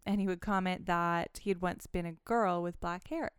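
Clear-voiced woman in casual chat. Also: lowish voice, steady tone, moderate pace, dry recording, clean studio sound. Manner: chatty, sprinkles in likes. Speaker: podcast co-host telling stories.

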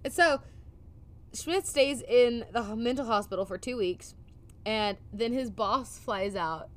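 Her voice is a little high and her pace measured as she, a podcast co-host, relates a story during a relaxed conversation. She performs the quoted lines with laughter, staying lively throughout.

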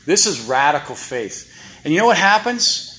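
A man's voice: fairly high pitch, very animated, normal speed, sharp tone, low-quality recording. A man preaching a sermon in a church, chatty and full of rhetorical questions to the congregation. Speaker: guest preacher. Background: congregation responses.

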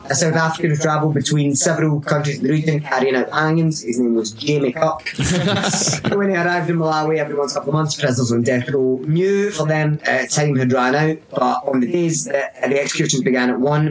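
A man's voice: fairly high pitch, rough recording. A man telling a story to friends in casual podcast chat, loose and laughing, reading bits aloud with asides. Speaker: podcast co-host.

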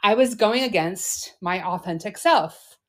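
A woman in her forties co-hosting a podcast, talking candidly and earnestly about her own past, often trailing off softly. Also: medium pitch, a little slow. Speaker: podcast co-host.

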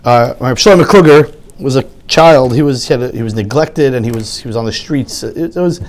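A man giving an animated sermon full of stories, often restarting his sentences and acting out quotes. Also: medium pitch, fairly quick. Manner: lively, frequent restarts, acts out quotes.

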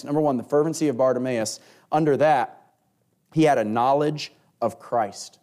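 Animated male preacher with a higher voice. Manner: animated storytelling, acting out scripture. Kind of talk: sermon.

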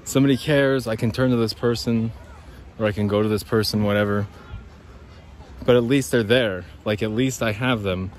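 A man's voice: on the low side, steady tone, normal speed, slight background noise. Rambling profane man talking while walking outside. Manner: rambling, profane, talks to listeners as guys. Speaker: podcast host. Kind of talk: rambling walk-and-talk monologue. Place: outdoors by a creek.

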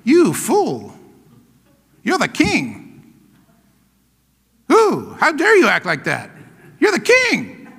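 An indignant royal wife, shocked and reproachful, firing scolding questions at her husband, as a male preacher puts her on. The voice rides high and swoops with lively rises. It rings with the long reverb of a large hall. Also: drawn-out words, gravelly, long pauses, slightly rough, full character voice.

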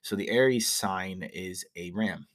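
A young man with a somewhat low voice tells stories in loose, profane podcast chat. He gets animated as he goes, acting out other people with sudden loud shouts. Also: measured pace. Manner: animated storyteller, swears a lot, shouts in impressions. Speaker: podcast co-host. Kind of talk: casual chat.

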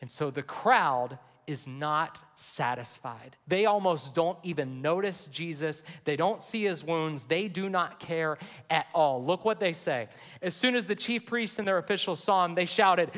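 A man's voice: on the high side, animated, a little slow, fairly bright tone. A man, a pastor, preaching an earnest sermon to his church and reading scripture aloud. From United States. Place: large church sanctuary. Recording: long hall reverb.

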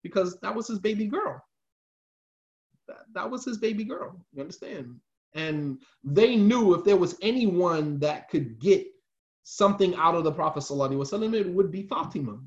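A man's voice: high voice, lively intonation, normal speed, dull audio. A man telling a religious story in a casual, slangy lecture style, repeating lines for emphasis.

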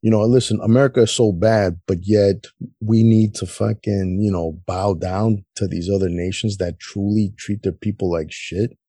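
A man's voice: on the low side, steady tone, moderate pace, warm tone, breathy edge, no room sound, studio quality. A man co-hosting a podcast, talking politics bluntly with lots of swearing and a casual "man" in most sentences. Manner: blunt, heavy swearing, says "man" often. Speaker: podcast co-host.

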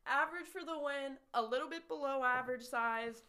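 A woman's voice: sits high, fairly quick, pushed and bright. A young woman in her twenties telling a story in casual podcast chat. She laughs often and acts out the lines she quotes.

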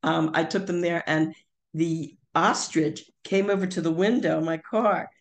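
A woman's voice: deep voice, fairly even intonation, measured pace. An older woman chatting casually with her son, telling long stories full of fillers and restarts. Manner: rambling storyteller, many fillers and restarts. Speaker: podcast co-host, parent of the other speaker. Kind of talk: casual family chat.

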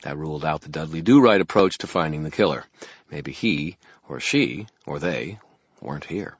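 Brief: very deep, husky man, wry first-person audiobook narration, muffled lo-fi recording. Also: expressive, moderate pace, dry recording.

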